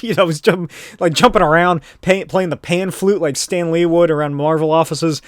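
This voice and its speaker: A man hosts a podcast and casually recaps a comic book, rambling along with plenty of filler words. His voice sits a little high for a man. The sound is close and dry, with no room echo. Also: moderate pace, smooth. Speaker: podcast host.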